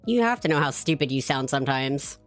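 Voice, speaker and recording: A woman with a notably low voice plays through a visual novel, reading lines aloud in a playful, teasing manner. Her pitch leaps about animatedly from line to line, with faint game music behind her. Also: lively intonation, a little fast. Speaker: streamer playing a visual novel. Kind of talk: gaming commentary, reading dialogue aloud.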